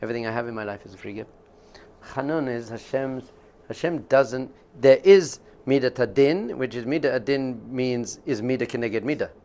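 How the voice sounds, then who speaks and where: Joking rabbi giving a casual class. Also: male voice, medium pitch, a little fast, darkish tone. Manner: conversational, jokey, laughs often, acts out quotes. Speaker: rabbi teaching. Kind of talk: informal Torah class.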